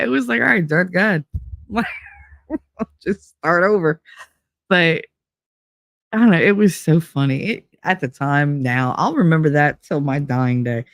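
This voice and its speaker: A middle-aged woman hosting a podcast, telling a story in casual chat, animated and often laughing as she quotes others. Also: fairly low pitch, dry recording, clean studio sound. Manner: animated, laughing, quoting others in raised voices. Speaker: podcast host.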